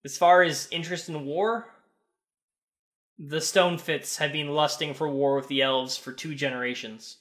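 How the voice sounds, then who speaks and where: A man's voice: on the high side, fairly even intonation, moderate pace, a bit bright, close to an everyday voice. Man voicing a stern male dwarf clan leader. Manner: blunt, dismissive about rival clans.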